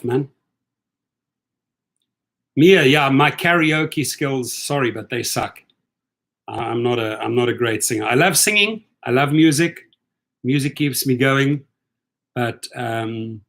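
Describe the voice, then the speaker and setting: A man's voice: medium pitch, unhurried, long pauses, fairly bright tone. A man hosting a casual livestream for rideshare drivers, reading out viewer comments and chatting to them in a loose, tired way. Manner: chatty, loose, repeats himself, talks straight to viewers.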